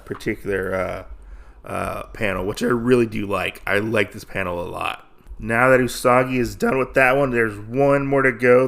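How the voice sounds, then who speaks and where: A man's voice: mid-range voice, vocal fry, fairly bright tone. A man hosting a podcast, recapping a comic in a casual, rambling way with many fillers. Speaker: podcast host.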